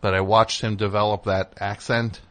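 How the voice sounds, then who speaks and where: Rambling male radio host, pitch jumping. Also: little pitch movement, normal speed, fairly bright tone. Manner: rambling and self-interrupting, pitch jumping up when worked up. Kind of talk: candid monologue on a call-in show. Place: radio studio.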